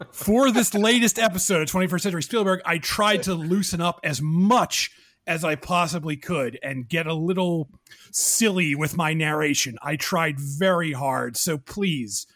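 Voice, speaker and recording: A man with a deep, gravelly voice talks in casual podcast chat. He rants with self-deprecating laughs. The sound is dry and close, with no room echo. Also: measured pace, a bit bright. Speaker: podcast host.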